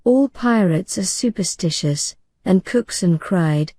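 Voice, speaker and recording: A woman narrating an audiobook in a calm, soothing bedtime reading style. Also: medium pitch, unhurried, no echo.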